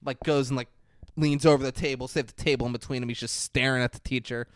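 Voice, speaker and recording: A man's voice: mid-range voice, fairly even intonation, fast, dry recording, clean studio sound. A man co-hosting a podcast, animatedly retelling film scenes in casual talk and laughing often. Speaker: podcast co-host.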